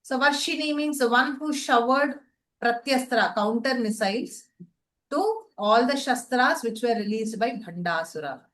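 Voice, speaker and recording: A woman teacher lectures to a class, her voice set slightly high. She explains patiently, poses questions to the room and then answers them herself. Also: expressive, a little slow, a bit bright, poor audio. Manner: asks and answers her own questions, checks in with students.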